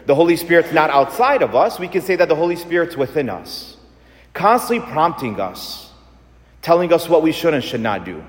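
A man preaching a sermon in a conversational, animated way, asking his listeners questions. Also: a little high. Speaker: priest. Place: church. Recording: long church reverb.

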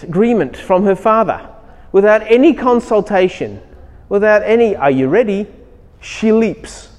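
This preacher's voice is high with a darkish tone as he delivers a storytelling sermon, lines rising emphatically. At points he mimics a child's voice. Recorded in a church hall, the sound carries a long hall reverb.

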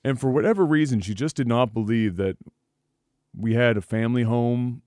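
A man co-hosting a podcast, telling a profane, animated story full of laughter in casual talk. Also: mid-range voice, moderate pace, dry recording, clean studio sound. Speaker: podcast co-host.

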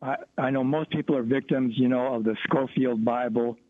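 A man's voice: mid-range voice, fairly even intonation, moderate pace, no room sound. A man from Missouri calling in to a radio show, hesitant and full of restarts. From Missouri, USA. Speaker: caller. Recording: tinny phone line.

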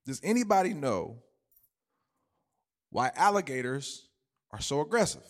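A man's voice: a little high, very animated, unhurried, pitched above the performer's own voice. A man voicing a pompous male college professor who calls on students and lectures them. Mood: questioning.

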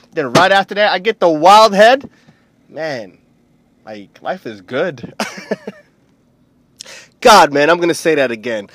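A swaggering young man from the United States tears through a comedic rant, cursing freely and wandering from bit to bit. His voice sits a touch higher than most men's, and it is recorded close and dry, with no room sound. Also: a bit bright, dry recording. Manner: profane, rambling, swaggering.

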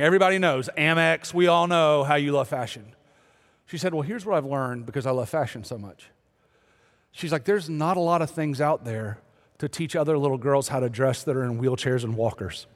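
Man preaching in a big reverberant hall. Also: on the high side. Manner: comic storytelling turning earnest. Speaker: pastor. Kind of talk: sermon with humorous story. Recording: long reverb of a large hall.

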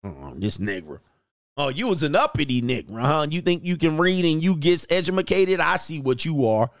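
A man voicing a bigoted, menacing old small-town judge who taunts in a slow drawl. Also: a little high, very animated, no room sound, studio quality. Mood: taunting. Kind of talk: mock role-play on a livestream.

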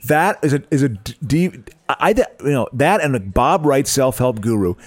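A man's voice: medium pitch, lively intonation, normal speed, no echo. A man co-hosting a casual comedic chat, stammering and laughing often as he tells stories. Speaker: podcast co-host.

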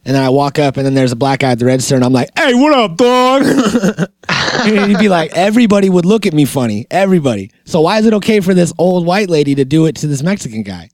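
A man chatting casually on a podcast and telling a story, joking and laughing often. His voice sits a little high. It sounds close and dry. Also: animated, racing, few pauses, darkish tone, no echo. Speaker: podcast co-host. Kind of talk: casual chat.

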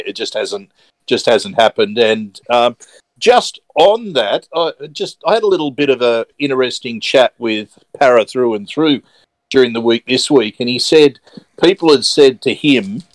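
A man's voice: mid-range voice, expressive, a little slow, dry recording, low-quality recording. A man co-hosting a casual sports podcast, blunt and chatty with many hesitations. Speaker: podcast co-host.

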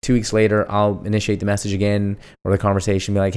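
Smooth-voiced man, self-questioning. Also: fairly low pitch, fast. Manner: asks himself questions and answers them, jokey and animated. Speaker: podcast host. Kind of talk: casual solo podcast monologue.

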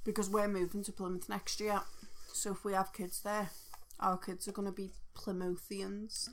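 A woman's voice: medium pitch, little pitch movement, moderate pace. A young woman co-hosting a podcast, chatting casually, rambling and laughing often. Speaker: podcast co-host. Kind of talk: casual chat.

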